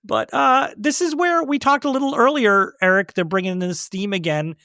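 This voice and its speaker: A man co-hosting a podcast, calmly walking through a film's scenes one by one. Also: sits high, moderate pace, no room sound, studio quality. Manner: relaxed, recaps scenes step by step. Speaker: podcast co-host. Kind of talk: casual film discussion.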